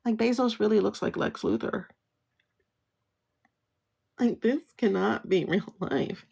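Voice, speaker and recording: A woman's voice: on the high side, animated, measured pace, vocal fry, husky. A woman livestream host, talking in a blunt, sassy rant and laughing often. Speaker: tarot reader and livestream host. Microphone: phone livestream.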